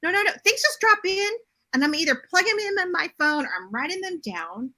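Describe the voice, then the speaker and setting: A middle-aged woman talking as a podcast guest, telling her story in a direct, animated way. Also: extremely high pitch, brisk. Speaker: podcast guest, bodymind coach and writer. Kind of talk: casual interview chat.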